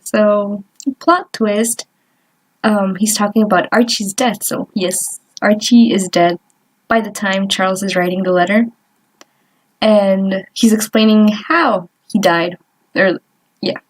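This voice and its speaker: A young woman with a medium-pitched voice talks slowly and casually while doodling for her art vlog. She rambles and trails off, using lots of fillers and little laughs.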